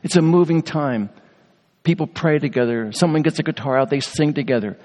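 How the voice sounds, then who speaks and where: A man preaching a sermon in earnest, storytelling fashion, slowing and softening on key words. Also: a little high. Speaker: pastor. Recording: long reverb of a large hall.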